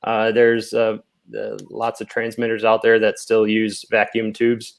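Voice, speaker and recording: A man's voice: fairly low pitch, monotone, measured pace, gravelly. A man chatting casually as a guest, explaining radio with many fillers and restarts. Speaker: guest ham radio expert. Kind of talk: casual panel chat.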